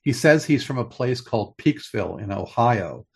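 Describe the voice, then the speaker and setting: An older man chatting casually as a podcast co-host, his voice sitting in an ordinary middle pitch. He pitches ideas eagerly, often restarting his sentences as he goes. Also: expressive, normal speed, gravelly, a little mellow, slightly rough. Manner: enthusiastic, pitching story ideas with many restarts. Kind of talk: casual chat.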